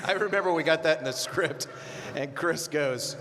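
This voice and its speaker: A man's voice: a little high, normal speed, background noise. Laughing man telling panel stories. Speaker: voice actor on a convention panel. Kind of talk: casual panel anecdotes. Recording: echoey hall with a crowd.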